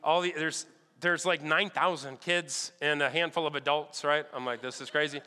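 A man telling a story during a sermon, animated and lively, acting out the lines of the people in his story. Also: on the high side, moderate pace, clean tone. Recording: long hall reverb.

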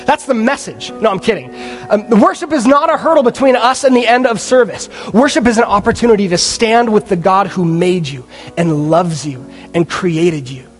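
A man preaching a sermon as pastor, impassioned and building toward near shouts. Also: high voice. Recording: loud guitar music behind voice. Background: guitar music.

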